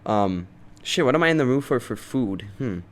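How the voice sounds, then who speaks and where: A man's voice: medium pitch, animated, normal speed. A young man co-hosting a podcast, chatting in a laid-back, slangy, rambling way. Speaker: podcast co-host. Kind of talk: casual chat.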